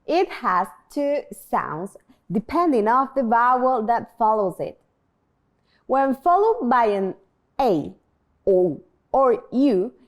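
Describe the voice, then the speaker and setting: A woman teaching a beginner language lesson, slowly modeling sounds and asking learners to repeat after her. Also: fairly high pitch. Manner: slow, clear modeling of pronunciation, prompting repetition.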